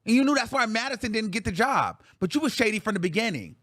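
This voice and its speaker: Guy ranting on his own show, swears a lot, high-pitched and sharp. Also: very animated, quick pace, no echo, clean studio sound. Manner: blunt, profane, heated. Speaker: talk show host. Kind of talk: ranting commentary.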